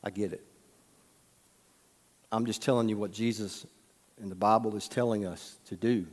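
A man preaching a sermon, telling folksy stories with humorous asides and dropping to a soft hush at times. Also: on the low side, fairly even intonation, moderate pace. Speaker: pastor. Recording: long hall reverb.

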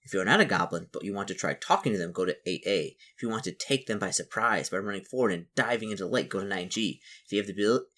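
A man's voice: fairly low pitch, fast talker, hardly any pauses, a bit bright, slightly rough. A man reading a solo fantasy gamebook aloud and musing over his choices in a chatty, self-correcting way. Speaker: solo gamebook player and narrator.

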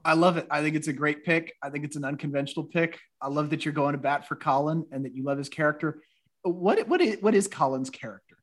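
Upbeat male podcast host. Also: on the high side. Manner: upbeat, quick, prompting guests. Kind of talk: casual podcast chat.

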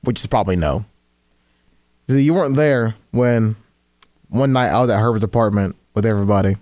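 A man hosting a casual sports podcast, chatting in an animated, joking way. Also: fairly low pitch, no room sound. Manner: animated, joking, quick to laugh. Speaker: podcast host. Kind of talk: casual chat.

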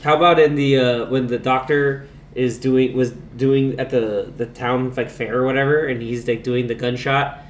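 A man hosting a casual film podcast, excitedly retelling scenes to his friends. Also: medium pitch, moderate pace, echoey room, a little hiss or hum. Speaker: podcast host.

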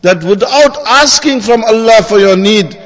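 A male preacher giving a Friday sermon, reciting Arabic verses quickly and then translating, often saying "my dear brothers" and asking "huh?" to the congregation. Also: high-pitched, fairly bright tone. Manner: repeats "my dear brothers" and asks "huh?" to the audience. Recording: dull recording with long hall reverb.

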